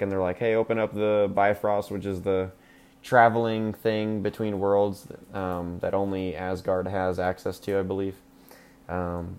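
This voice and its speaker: A man hosting a podcast, recapping a movie in a casual, crude, joking way full of fillers. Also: deep voice. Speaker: podcast host.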